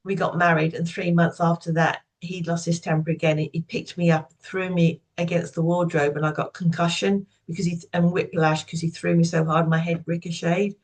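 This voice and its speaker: A woman in her fifties, a podcast guest, candidly recounting painful childhood memories in a steady, personal storytelling manner. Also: fairly low pitch, fairly quick, hardly any pauses. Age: 50s.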